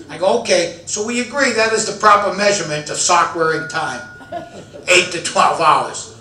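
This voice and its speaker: Older man telling animated comic stories. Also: fairly high pitch, moderate pace, slight background noise. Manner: animated anecdotes, building to excited shouting punchlines. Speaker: after-dinner speaker. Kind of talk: stand-up storytelling. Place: large event hall with an audience. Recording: echoey hall, mic at a distance, audience laughter.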